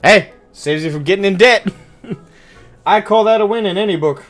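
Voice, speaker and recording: A man's voice: high-pitched, normal speed, fairly bright tone, faint music behind. Joking male streamer reading along. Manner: casual, joking, self-mocking. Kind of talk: reading game dialogue aloud with asides.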